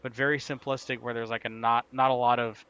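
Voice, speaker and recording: Man, bright forceful voice, casual stream chat, rambling, filler-heavy. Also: medium pitch, flat delivery, fast, smooth, highs cut off. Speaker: stream co-host presenting game news.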